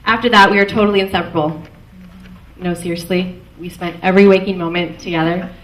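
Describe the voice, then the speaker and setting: At a wedding reception hall, a young Canadian maid of honor gives a warm, light toast and chuckles between lines. Her voice is lowish and steady, and she speaks quickly. It's picked up from far off in the echoey hall with faint noise.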